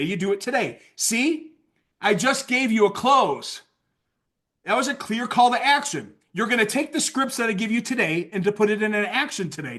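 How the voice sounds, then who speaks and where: A man leading a sales training call, energetic and playful, acting out sales lines with lots of hype. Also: high voice. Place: video call. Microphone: video call mic.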